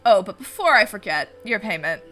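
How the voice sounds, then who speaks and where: A woman's voice: medium pitch, sing-song, brisk, sharp tone, soft background music. A woman reading the lines of a suave male fox private investigator from a game, formal and courteous. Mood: smooth.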